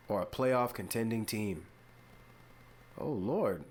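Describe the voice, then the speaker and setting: A man hosting a sports podcast, giving casual, mock-exasperated opinion commentary with drawn-out, playful emphasis. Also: mid-range voice, animated.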